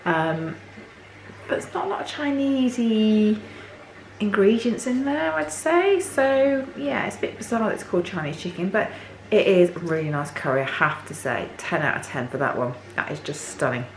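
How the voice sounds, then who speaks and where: A woman vlogging casually to camera in her home kitchen, chatty and a little hoarse. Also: animated, normal speed. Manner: chatty, talks to her dogs in a high sing-song voice. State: voice a bit hoarse. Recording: echoey kitchen, faint background noise.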